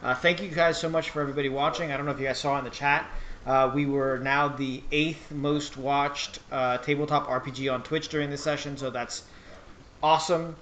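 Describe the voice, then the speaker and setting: A man's voice: on the high side, steady tone, fairly quick, fairly bright tone, a little hiss or hum, low-quality recording. A man hosting a tabletop game stream, wrapping up the night and announcing the schedule in a casual, upbeat way. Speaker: show host.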